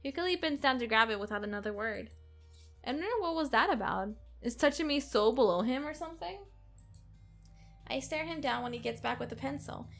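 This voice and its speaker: A woman hosting a let's play, reading a visual novel aloud in an expressive, sarcastic way. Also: sits high, a little fast, creaky, faint music behind. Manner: expressive, sarcastic, occasional giggles.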